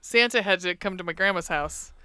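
A woman's voice: on the low side, a little fast, bright, forceful tone, smooth, dry recording, clean studio sound. A woman co-hosting a podcast in casual chat, giggly and jokey, talking over a remote call. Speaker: podcast co-host.

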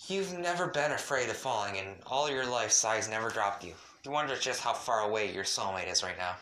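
A man's voice: lowish voice, expressive, a little fast, pushed and bright, a little hiss or hum. A man reading a second-person fan story at home, his voice shaky from the cold, with stumbles and chatty asides. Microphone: home mic, cold room.

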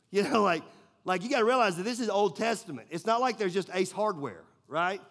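A man's voice: high voice, lively intonation, normal speed, fairly bright tone. A man preaching a sermon in a casual, conversational way, telling stories with lots of filler words. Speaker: pastor.

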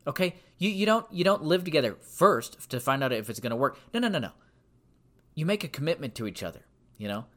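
A man teaching from the Bible in a sermon style, emphatic, repeating phrases for stress and reading verses slowly. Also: on the high side, very animated, a bit bright. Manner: reads scripture slowly and deliberately.

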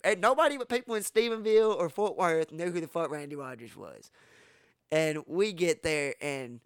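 A man from Texas, telling stories in casual podcast talk, profane and animated, acting out what people said with sudden loud jumps. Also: on the high side, no echo, clean studio sound. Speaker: podcast host. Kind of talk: casual storytelling.

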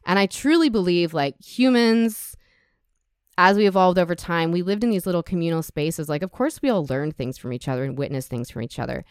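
Brief: frank, heartfelt woman guest, clear resonant voice, dry close sound. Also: fairly low pitch, fairly quick, no echo. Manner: candid, emotional, gets choked up. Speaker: podcast guest, sex educator. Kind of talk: casual podcast conversation.

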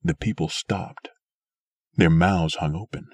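A man narrating a story aloud in a steady, measured way. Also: sits low, no echo. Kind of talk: scripted audiobook narration.

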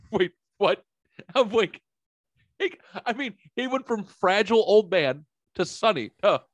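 A man in his forties spins a story in a casual podcast chat. He acts out every line of dialogue with big swings in pitch and drops curse words freely. The room sounds close and dry. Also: unhurried, long pauses, dry recording. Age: 40s. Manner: animated storyteller, acts out quotes, swears freely. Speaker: podcast co-host.

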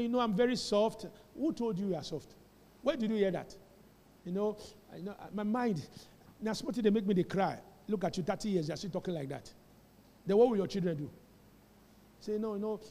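A man with a Nigerian accent preaching a sermon as pastor, firing questions at the congregation and rising at times to shouts. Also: high voice. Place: church sanctuary. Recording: church hall reverb.

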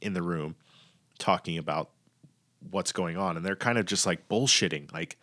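A man's voice: deep voice, normal speed, pushed and bright. A man giving a loose, profane recap of a TV series, acting out the characters' lines as he goes. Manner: loose, profane storytelling with acted-out quotes.

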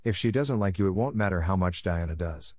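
A man voicing a stern, practical older woman who brisk-ly scolds her adopted girl, in a storybook reading. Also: low voice, expressive, darkish tone, no room sound, studio quality. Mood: scolding.

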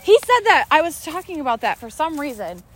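A young woman chatting and laughing with a friend on a night walk outdoors, talking into a phone camera as she tells animated stories. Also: sits high, brisk. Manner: giggly, animated storytelling. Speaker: vlogger. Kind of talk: casual chat on a night walk.

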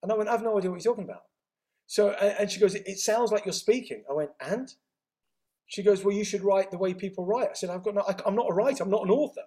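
A middle-aged man tells his life story in an interview, acting out the dialogue with quick reported speech. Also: high-pitched, dark tone. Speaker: interview guest. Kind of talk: storytelling in conversation.

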